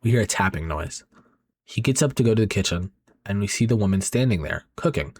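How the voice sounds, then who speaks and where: Low-voiced casual recap narrator, man. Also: lively intonation, brisk, a little mellow, no room sound, clean studio sound. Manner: chatty, talks straight to viewers, many fillers.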